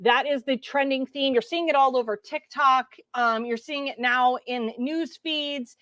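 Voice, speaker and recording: A woman's voice: high-pitched, fairly even intonation, a little slow, a bit bright, dry recording. A woman hosting a casual livestream, chatty and bubbly, laughing easily as she greets viewers by name. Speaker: livestream host.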